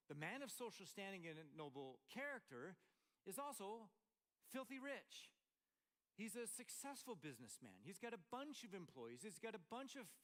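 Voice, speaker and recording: A man's voice: sits high, a bit bright. An older man from Montana preaching a sermon, explaining scripture in a conversational, storytelling way with asides. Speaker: pastor.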